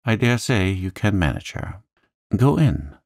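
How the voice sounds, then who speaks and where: A man voicing a severe, stately headmistress in a calm storybook reading. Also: lowish voice, measured pace, gravelly, no room sound, studio quality, heavily acted. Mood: stern. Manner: stern and stately.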